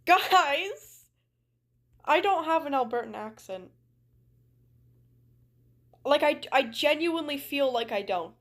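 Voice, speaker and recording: With a high, animated voice, a young adult woman takes her time, speaking unhurriedly and leaving long pauses. She has a Canadian accent and chats casually while streaming a game, rambling with plenty of "like" fillers.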